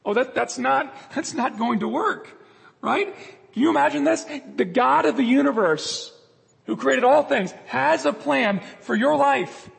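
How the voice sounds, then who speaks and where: A man's voice: very high voice, a little slow, vocal fry, slightly rough, long reverb tail. A man preaching a sermon as a pastor, earnest, acting out prayers and God's replies in the quotes.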